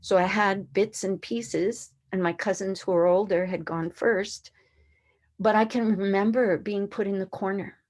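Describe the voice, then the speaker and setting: A woman's voice: mid-range voice, steady tone, unhurried, a little mellow. Earnest older woman presenting to educators. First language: a language other than English. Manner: earnest, emphatic, poses rhetorical questions. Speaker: educator presenting a conference session. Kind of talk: conference presentation.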